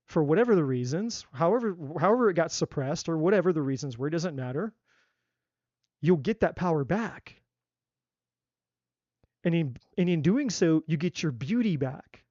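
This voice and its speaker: During a live-streamed tarot reading, this man talks in an emphatic, repetitive style about spiritual matters, dropping casual swear words. His voice is a little high with a darkish tone, heard in a dry, lo-fi recording.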